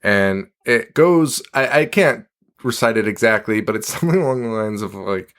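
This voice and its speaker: A man's voice: on the low side, animated, normal speed, a bit bright. A man co-hosting a podcast, recapping a movie in casual chat, swearing often, laughing a lot and acting out lines from the film. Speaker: podcast co-host.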